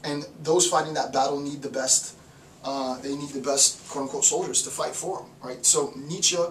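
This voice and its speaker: A man gives an informal philosophy lecture in an animated way. He repeats words and drops into little voices to act out his points. His slightly high voice carries a roomy echo from a mic set well back. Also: moderate pace, far from the mic, a little hiss or hum.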